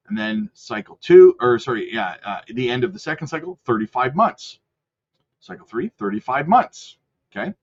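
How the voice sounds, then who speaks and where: A man's voice: medium pitch, highs cut off. A man hosting a crypto video channel, talking loosely through a chart with lots of fillers and self-corrections. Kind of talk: casual screen-share commentary.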